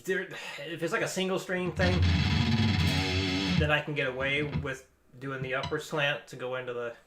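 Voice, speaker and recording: A man's voice: on the high side, fairly even intonation, moderate pace. A man hosting a live stream, reacting casually to a guitar lesson video in a loose, rambling way and swearing now and then. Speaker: guitar teacher and stream host. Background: electric guitar playing.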